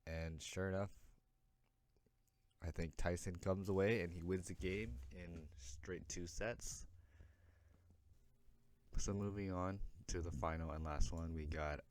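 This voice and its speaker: A man hosting a casual sports recap, chatty, voicing the players' reactions in quick asides. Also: deep voice, steady tone, darkish tone, a little hiss or hum. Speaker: host, sports commentator.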